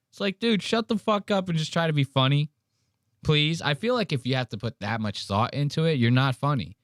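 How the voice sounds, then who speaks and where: A man's voice: medium pitch, normal speed, no room sound, studio quality. A man hosting a podcast, ranting in casual chat with lots of swearing. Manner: profane, ranting, animated. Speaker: podcast host.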